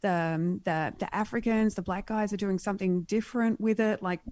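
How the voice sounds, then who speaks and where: Mellow-voiced woman, emphatic chat. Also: medium pitch, brisk. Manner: lively, emphatic storyteller with frequent restarts. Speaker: podcast guest, clothing stylist. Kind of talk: casual conversational interview.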